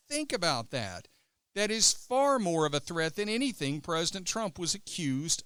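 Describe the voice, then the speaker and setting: A man hosting a podcast, delivering scripted political commentary with a sarcastic, mocking edge. His voice is bright and sits a little high, recorded dry and close with no room sound. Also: big pitch swings, normal speed, clean tone, dry recording. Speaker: podcast host.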